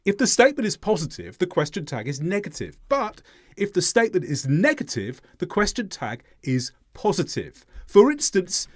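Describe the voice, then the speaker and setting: A man teaching English intonation in a scripted lesson, speaking clearly and deliberately and exaggerating the stress in his examples. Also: high voice, huge pitch swings, dry recording, clean studio sound.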